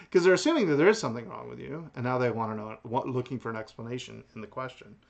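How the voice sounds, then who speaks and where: A man teaching a philosophy class in a recorded lecture, talking in a lively way with restarts and chuckles. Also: mid-range voice, fast talker, gravelly, highs cut off. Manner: animated, lively delivery with frequent restarts and chuckles. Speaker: philosophy instructor.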